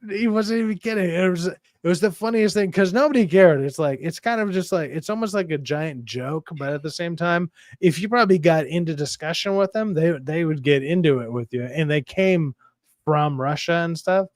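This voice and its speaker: Profane, animated man on a dry close mic. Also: a little high, fairly quick, no echo. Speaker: stream host. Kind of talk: casual chat.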